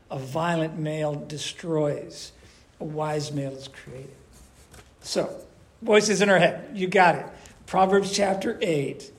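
A man preaching to his congregation in a relaxed, chatty way, with a slightly raised, gravelly voice. He breaks into quick acted voices to make his points. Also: a little high. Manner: animated, conversational, acts out voices. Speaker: pastor. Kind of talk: sermon. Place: church.

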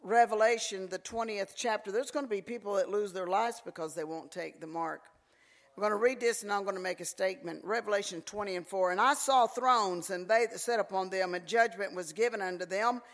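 A man preaching a sermon, telling folksy stories in an animated, preacherly manner. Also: high-pitched, brisk. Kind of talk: sermon with storytelling.

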